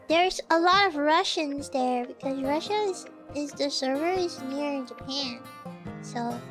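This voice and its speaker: A woman's voice: very high-pitched, rough recording. A woman streaming casually, rambling playfully with lots of "you know" and "like", coughing often between phrases. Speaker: virtual streamer. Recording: clear background noise.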